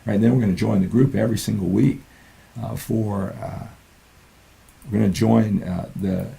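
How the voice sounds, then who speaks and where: Gravelly older man coaching. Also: on the low side, steady tone, normal speed, dark tone. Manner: earnest, peppers lines with "right?". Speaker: fitness and mindset coach. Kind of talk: motivational talk to camera.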